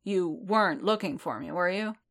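A woman's voice: lowish voice, moderate pace, a bit bright. A woman reading the lines of an exhausted, blunt armored male warrior who presses his questions sharply.

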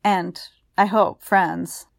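A woman reading the part of a polite, somewhat awkward gentleman speaking formally and tentatively. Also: mid-range voice, brisk, dry recording, studio quality, natural voice. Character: polite, awkward gentleman, former madhouse keeper.

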